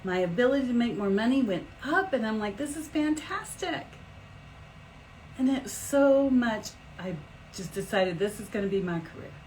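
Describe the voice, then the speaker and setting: A middle-aged woman hosting a live stream as an energy healer, talking in a chatty, animated way with big swoops in pitch. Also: normal speed, a little hiss or hum, poor audio. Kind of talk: casual live-stream talk.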